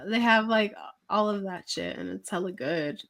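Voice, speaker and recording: A woman's voice: mid-range voice, normal speed, fairly bright tone. A woman co-hosting a podcast in casual chat, laid-back and using casual slang. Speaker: podcast co-host.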